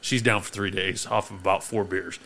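A man's voice: low-pitched, flat delivery, moderate pace, creaky, sharp tone. A man in casual chat, laid-back, laughing often and swearing casually.

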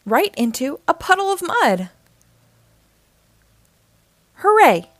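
A woman's voice: medium pitch, expressive, unhurried, no room sound. A woman reading a children's picture book aloud, giving the characters their own voices. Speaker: storyteller.

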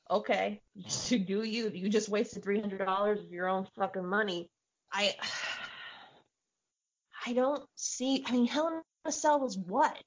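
A woman co-hosting a podcast, casually chatting and telling animated stories with frequent swearing. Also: mid-range voice. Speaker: podcast co-host. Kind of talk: casual chat. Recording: dull lo-fi audio.

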